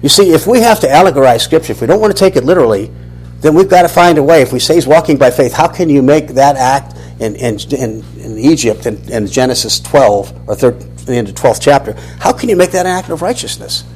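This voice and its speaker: A man's voice: medium pitch, quick pace, faint music behind, poor audio. A man, teaching a Bible lesson as a sermon, questioning and restarting often. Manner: animated, questioning, many restarts.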